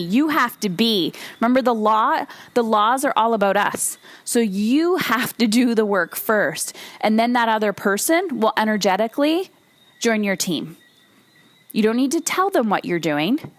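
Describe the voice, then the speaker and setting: Emphatic woman giving motivational talk. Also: a little high. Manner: emphatic, candid, with blunt swearing; repeats key phrases for emphasis. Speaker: podcast host and coach.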